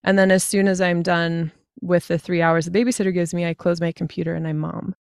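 A woman in her thirties, a fantasy author talking as a podcast guest, chatty and full of quick asides. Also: lowish voice, flat delivery, vocal fry, darkish tone, no echo, studio quality. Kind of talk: casual podcast conversation.

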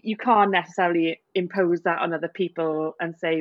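A woman's voice: on the low side, steady tone, brisk, hardly any pauses, dry recording, lo-fi sound. A woman doctor co-hosting a casual podcast chat, talking loosely with lots of fillers and hedges. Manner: chatty, hedging with many fillers.

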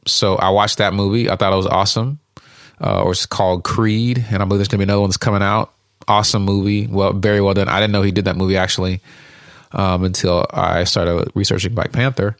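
A man's voice: sits low, no echo, clean studio sound. A man talking casually about movies, hesitant, with lots of fillers and restarts. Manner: halting, many fillers and restarts.

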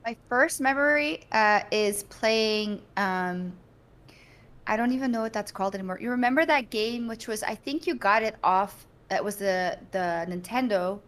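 A young woman from Belgium, a guest in a casual interview, talking in a chatty, animated way and laughing often. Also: medium pitch, normal speed.

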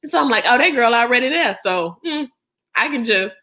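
Lively laughing woman telling a story. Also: on the high side, moderate pace. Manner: animated storyteller, laughing and breaking into song. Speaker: podcast host. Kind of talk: casual chat.

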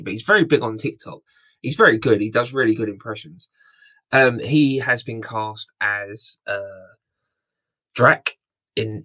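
A man's voice: fairly low pitch, a bit bright. A man hosting a casual film news podcast, rambling and apologising often. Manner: rambling and apologetic, chatty asides.

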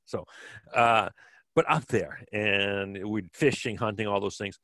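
A man's voice: lowish voice, measured pace, fairly bright tone. A man in his fifties from Kenosha, Wisconsin, telling stories as an interview guest in a rambling way with many restarts. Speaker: guest, former track cyclist. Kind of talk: relaxed storytelling interview.

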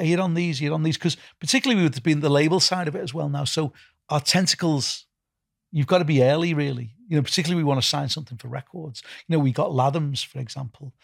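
Answering interview questions, a middle-aged festival founder and music executive from England speaks in a Liverpool accent, loose and rambling, with repeated words and plenty of "you know." His slightly high voice comes across gravelly and husky. It's recorded in studio quality with no echo.

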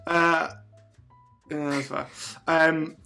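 A man's voice: on the high side, level tone, very slow, gravelly, sharp tone, faint music behind. A man, a podcast guest, chatting casually in a self-deprecating, rambling way. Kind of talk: casual chat.

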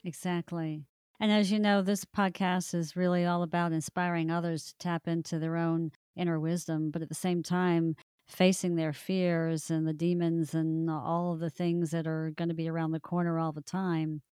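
A woman's voice: lowish voice, flat delivery, normal speed, a little mellow, clean tone, no room sound, studio quality. A woman hosting a podcast, asking questions and affirming her guest. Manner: affirming, encouraging. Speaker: podcast host. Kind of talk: interview questions.

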